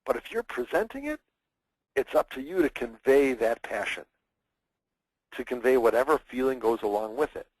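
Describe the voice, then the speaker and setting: A man teaching public speaking in a webinar, energetic and expressive, acting out examples in mock voices. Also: mid-range voice, moderate pace, long pauses, no room sound, low-quality recording. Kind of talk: webinar presentation.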